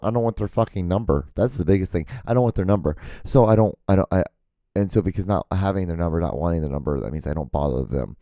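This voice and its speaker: A man hosting his own show in a casual, rambling monologue, with a hoarse, cracking voice. He swears freely and his voice jumps high when he gets worked up. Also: no echo, clean studio sound. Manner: profane, excitable, voice jumps high when ranting. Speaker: podcast host. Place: home setup with lights and camera. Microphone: studio microphone.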